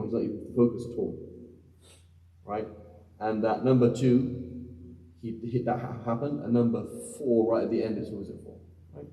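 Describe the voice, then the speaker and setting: Man, religious teacher, lecture, questioning, repeats points, dark voice, roomy hall sound. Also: medium pitch. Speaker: Islamic teacher. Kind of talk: classroom lecture on Quranic Arabic. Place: large hall, mosque center. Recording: echoey hall from far off.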